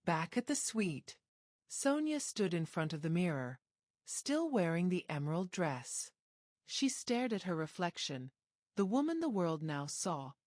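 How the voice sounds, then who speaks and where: A woman's voice: a little mellow, no echo, studio quality. A woman narrating a romance drama, reading scripted lines with a dramatic storytelling manner. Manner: dramatic storytelling, acting out dialogue with lifted pitch.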